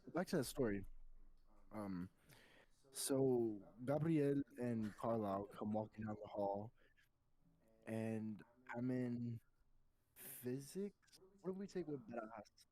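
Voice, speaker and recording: A man's voice: mid-range voice, takes it slowly, long pauses, poor audio. Laid-back young man telling a story. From Texas. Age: young adult. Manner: rambling, animated storyteller acting out shouted names. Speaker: podcast co-host. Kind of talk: casual storytelling chat.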